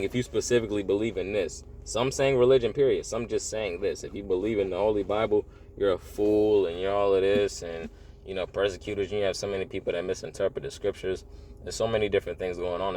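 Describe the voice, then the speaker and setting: A man with a very low, deep voice talks in an earnest, rambling way about faith, circling back on phrases and tossing in "bro" a lot. Faint outdoor sounds and passing vehicles sit behind him. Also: a little mellow, a little hiss or hum. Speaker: religious vlogger. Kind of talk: casual spiritual monologue.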